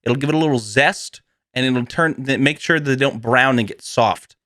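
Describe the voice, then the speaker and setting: A man's voice: mid-range voice, normal speed, fairly bright tone, no echo, clean studio sound. A man hosting a casual podcast, rambling through asides with frequent laughter and casual swearing. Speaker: podcast host.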